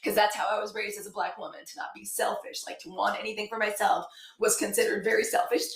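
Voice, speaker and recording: A woman's voice: mid-range voice, fast talker, a bit bright. A woman in her forties hosting a daily live news show, talking casually and wandering off topic while thanking viewers by name. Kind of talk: casual livestream chat. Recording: echoey room.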